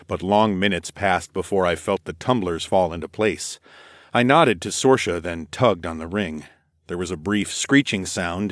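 A man narrating a first-person adventure audiobook in a steady, measured way. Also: sits low, dry recording, clean studio sound.

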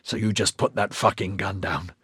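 Man voicing a hurt police captain, wheezy, crude, defiant, low voice, audiobook. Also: steady tone, moderate pace, a bit bright, breathy edge, dry recording, studio quality, exaggerated voice. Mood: menacing. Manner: wheezing, coarse and threatening. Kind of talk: audiobook character voice.

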